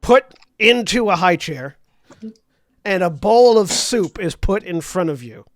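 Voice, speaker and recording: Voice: mid-range voice, expressive, a little slow, dry recording, studio quality. A game master narrating a tabletop scene in a wry, descriptive way.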